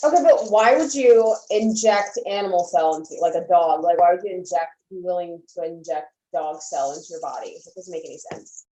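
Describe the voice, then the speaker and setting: A woman's voice: fairly low pitch, fairly quick, dark tone, echoey room, muffled recording. A woman co-hosting a satirical talk show, teasing and sarcastic, who fills her lines with "like.". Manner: sarcastic, teasing, uses "like" a lot. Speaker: co-host.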